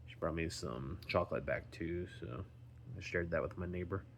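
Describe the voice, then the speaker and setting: A man talking casually in a daily vlog, rambling slowly with many ums and restarts while recovering at home and sounding tired. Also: low voice, gravelly, a little hiss or hum. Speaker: vlogger.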